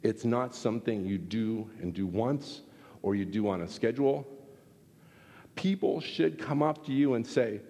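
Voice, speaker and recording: A man's voice: medium pitch, unhurried. Man preaching in a reverberant hall. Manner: animated, acts out quoted exchanges. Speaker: pastor. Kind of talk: sermon.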